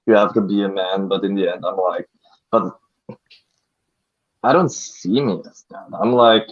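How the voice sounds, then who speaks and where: A man talks on a live stream, his voice low and the sound dull and lo-fi. He speaks haltingly, with fillers and easy laughter. It is casual chat, a guest telling his story. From Austria (Vienna).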